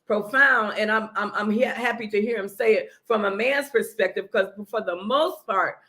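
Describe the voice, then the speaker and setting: A middle-aged woman talks through marriage advice like a sermon, earnest and coaching. She leans on repeated check-ins with her listeners and speaks in a relaxed, conversational flow. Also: mid-range voice, normal speed. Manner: earnest, coaching, keeps asking "right?". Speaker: podcast co-host giving marriage advice. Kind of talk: casual preaching talk.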